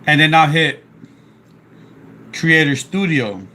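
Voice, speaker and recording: Philly guy on a live stream, kinda high voice, rambling on, a bit sick. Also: animated, slow pace, sharp tone. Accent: Philadelphia. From South Philadelphia, USA. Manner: chatty, rambling, restarts often. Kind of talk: casual live stream, reading chat aloud and explaining.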